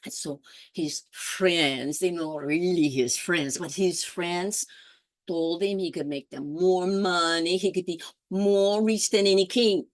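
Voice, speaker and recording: A woman's voice: fairly low pitch, slow pace. Woman telling a folk tale. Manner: mixes in Spanish phrases, acts out characters' lines. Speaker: storyteller. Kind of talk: oral storytelling.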